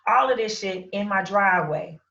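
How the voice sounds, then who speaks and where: A woman telling a personal story as an interview guest, animated, acting out her own shouts and quotes. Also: medium pitch, normal speed, vocal fry. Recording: roomy, distant, dull lo-fi sound.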